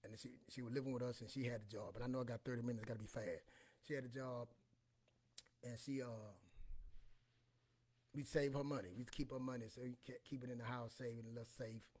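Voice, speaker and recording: A man in his forties with a husky, breathy voice at an ordinary middle pitch talks through his past in a loose, rambling way. He keeps circling back with "you know what I'm saying" as he hosts a casual storytelling monologue. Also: fairly even intonation, a little fast, pauses often, darkish tone.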